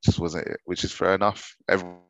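A man's voice: low-pitched, flat delivery, fast talker. A man co-hosting a podcast, talking hesitantly with many fillers. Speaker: podcast co-host. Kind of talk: casual chat.

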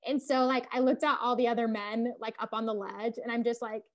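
A young woman tells a story in a relaxed conversation. Her voice sits a little high, and she talks in loose runs packed with "like", laughing here and there. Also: a little fast. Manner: chatty, lots of "like", laughs while telling. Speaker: podcast host telling her climbing story. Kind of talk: casual storytelling chat.

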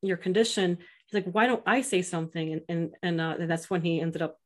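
A middle-aged woman talking earnestly as a podcast guest, telling stories and quoting others in an animated way. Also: lowish voice, a little fast. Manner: earnest, animated storytelling with quoted voices. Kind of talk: casual interview chat.

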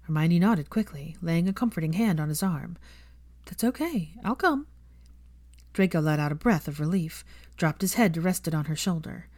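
A woman reading fan fiction aloud, in a steady, measured audiobook narration. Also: low-pitched, no room sound, studio quality.

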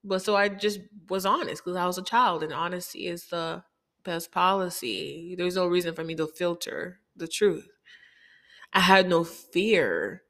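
A woman's voice: fairly low pitch, fairly bright tone. A woman from Haiti telling a candid, reflective personal story, often quoting people in dialogue.

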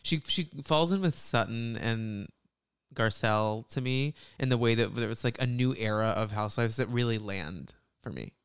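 A relaxed, opinionated co-host trading reality TV takes, with dry little asides. The voice is smooth and resonant, at a middle pitch, in a dry, close sound. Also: normal speed, no echo. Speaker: podcast co-host. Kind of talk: casual reality TV recap chat.

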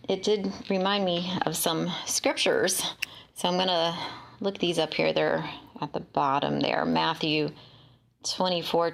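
A woman shares a dream in a casual, halting way, stopping often to restart her sentences. Her voice sits a little low, and she speaks slowly and unhurriedly. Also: vocal fry, fairly bright tone. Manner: halting, many fillers and restarts. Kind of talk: casual spoken testimony.

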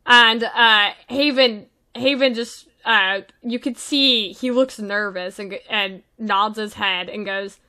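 Bright woman narrating a tabletop game. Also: on the high side, fairly even intonation, slow pace, few pauses. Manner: hesitant, full of fillers. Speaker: game master.

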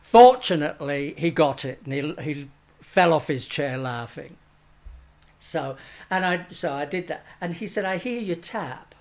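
A man's voice: a little high, lively intonation, measured pace. An older man, a stage actor, tells an anecdote in an interview and acts out the voices of the people he quotes. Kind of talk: anecdotal storytelling.

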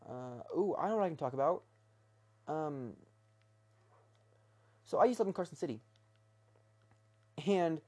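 A man's voice: medium pitch, darkish tone. A young man rambling casually in his bedroom, talking hesitantly with many restarts and fillers. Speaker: vlogger.

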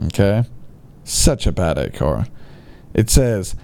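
A man giving comedic commentary with mocking, sarcastic quick asides. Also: medium pitch, huge pitch swings. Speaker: host.

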